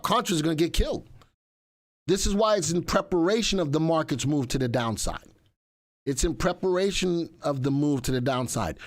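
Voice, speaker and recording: A man hosting a live stock market stream, talking casually and repeating himself as he reads the chat aloud. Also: a little high. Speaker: livestream host.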